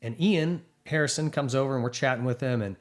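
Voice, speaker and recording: A man's voice: medium pitch, a little fast. A middle-aged man co-hosting a casual racing chat, enthusiastic and rambling, with plenty of fillers. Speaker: podcast co-host.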